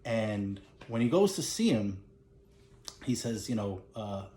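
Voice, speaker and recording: A man's voice: lowish voice, big pitch swings, slow pace, warm tone, reverberant. A man casually recapping a movie plot in a rambling way, with lots of "you know" and "he's like". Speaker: movie collector recapping a film.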